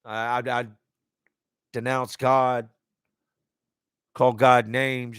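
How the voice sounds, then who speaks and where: A man's voice: mid-range voice, little pitch movement, drawn-out words, pauses often, fairly bright tone, clear, resonant tone, no echo, clean studio sound. A man hosting a live stream, reading out viewer comments and talking candidly and emotionally. He speaks casually and bluntly, swearing at times and repeating words as he searches for them.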